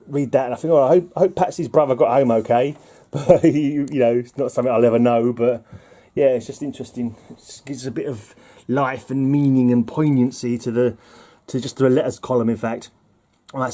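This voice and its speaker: A man's voice: mid-range voice, dark tone. A man chatting casually about old comics, wry and self-mocking. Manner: chatty, wry, laughs at himself. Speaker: comic book vlogger. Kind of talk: casual chat reading comics.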